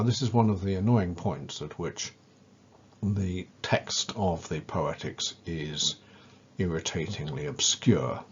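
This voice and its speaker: Slow, deep-voiced man lecturing on drama. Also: a little mellow, lo-fi sound, slight background noise. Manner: measured and deliberate, stresses key words. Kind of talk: scripted educational lecture.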